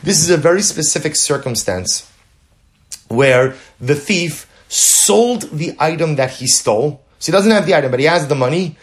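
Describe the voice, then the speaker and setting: A man's voice: a little high, moderate pace. A man teaching a Torah lesson in class, telling dramatic examples and repeating key phrases for emphasis. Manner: animated, dramatic storytelling with role-play examples.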